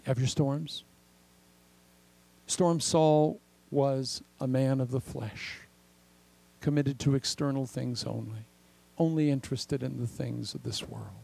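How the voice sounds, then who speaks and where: Older male pastor with a gravelly voice. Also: mid-range voice, slow pace, rough recording. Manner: animated preaching that acts out quoted voices. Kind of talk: sermon.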